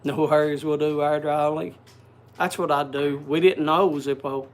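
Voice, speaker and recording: A man's voice: fairly high pitch, little pitch movement, normal speed. A man hosting a casual livestream, chatting and greeting viewers by name. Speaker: livestream host. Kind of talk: casual chat.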